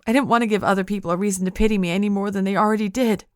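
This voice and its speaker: A woman's voice: mid-range voice, steady tone, rapid-fire, clean tone, no echo, studio quality, lightly acted. A woman voicing a distraught young witch heroine, tearful and pleading, her voice breaking.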